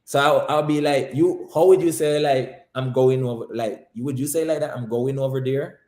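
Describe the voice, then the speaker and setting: A man's voice: on the high side, fairly even intonation, normal speed, darkish tone. A man from Nicaragua with a Nicaraguan Creole English accent, talking in a casual conversation and explaining things patiently, often asking if he is understood. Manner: explains patiently, often asks "you get me?". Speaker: channel host. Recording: echoey room.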